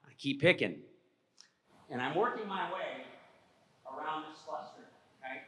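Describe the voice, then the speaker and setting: Man, bright voice, folksy storytelling to a live audience, checks in with the crowd, echoey hall, fades in and out from the mic. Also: on the high side, normal speed, pauses often, breathy edge. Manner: folksy, conversational, checks in with "okay?" often; moves around while talking, voice fades as he walks off. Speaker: presenter telling an encounter story.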